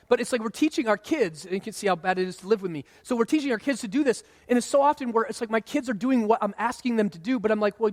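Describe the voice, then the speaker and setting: A man in his thirties preaching a sermon in a relaxed, conversational way, sometimes acting out what people say. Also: high voice. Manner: conversational preaching, acts out quoted voices. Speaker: pastor. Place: church sanctuary. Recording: long hall reverb.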